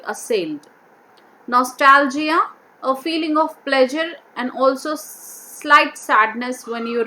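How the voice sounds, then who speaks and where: A woman teacher going through a vocabulary worksheet, repeating each word and slowly sounding out its syllables. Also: high-pitched, bright, forceful tone. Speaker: English teacher.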